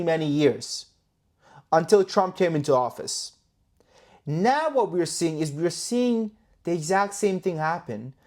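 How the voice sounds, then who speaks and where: A man's voice: on the high side, darkish tone. A man from Canada hosting a stock market commentary vlog in a brash, profane, hype-driven way, full of rhetorical questions. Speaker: stock trading YouTuber. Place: London, indoors.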